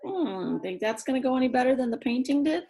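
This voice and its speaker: A woman's voice: high-pitched, animated, fast, warm tone, a little hiss or hum. A woman reading a picture book aloud, breaking off for chatty asides to her young listeners. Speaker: read-aloud storyteller.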